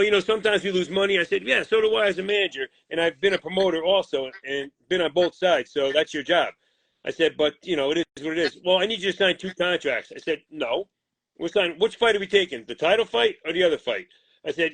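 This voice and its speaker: In a heated interview, this boxing manager tells the story of a failed deal, profane and animated, voicing each side of the exchange. He speaks with a fairly high pitch on a dry recording.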